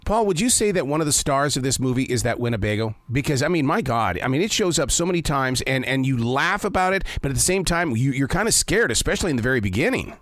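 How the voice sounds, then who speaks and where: A man's voice: mid-range voice, expressive, quick pace, few pauses, fairly bright tone, dry recording. A man hosting an interview and asking chatty, enthusiastic questions. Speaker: interviewer host.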